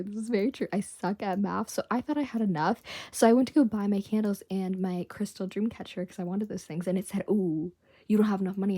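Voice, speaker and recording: A young woman vlogging from her bedroom, chatting and unboxing in a rambling, bubbly way, dropping to whispers and jumping to excited squeals. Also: mid-range voice, husky. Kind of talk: casual vlog chat and unboxing.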